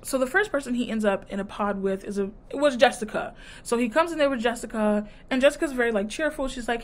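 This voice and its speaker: A woman vlogger casually recapping a dating show, sassy and animated, acting out quotes in her retelling. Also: on the high side, a little fast, few pauses. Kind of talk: casual chat.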